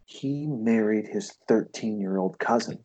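Husky, low-voiced man rambling. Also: a little slow, darkish tone, lo-fi sound. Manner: rambling, slips into put-on voices. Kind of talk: casual podcast chat.

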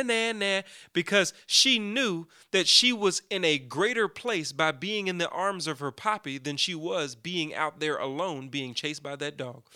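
A man's voice: on the high side, sharp tone, no echo, clean studio sound. A man hosting a podcast, giving an earnest, emphatic Bible teaching. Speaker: podcast host teaching scripture.

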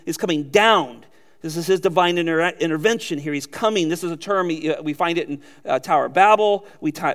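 A man with a high voice preaches a sermon in a church sanctuary, his words trailing off in a long hall reverb. He is emphatic and folksy, pressing his points home with ranch stories. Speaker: pastor.

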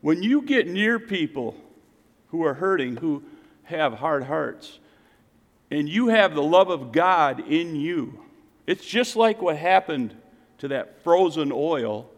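Male pastor, sermon, slightly high voice, big echoing hall; alternates loud emphatic calls with hushed low asides. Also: sing-song, slow pace. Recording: reverberant hall.

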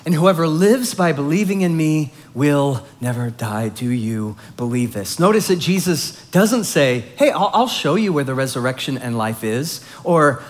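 A man delivers a sermon, reading scripture aloud and then unpacking it. His voice sits a little high for a man, and he plays the quoted lines with feeling, lifting his voice for emphasis. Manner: expressive, acts out quoted lines with rising emphasis. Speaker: pastor.

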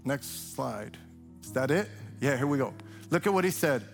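An older man preaching a sermon in a loose, conversational way, who breaks into shrill mimicry when imitating cheering parents. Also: lively intonation, normal speed, vocal fry, soft background music. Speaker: pastor. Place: church sanctuary.

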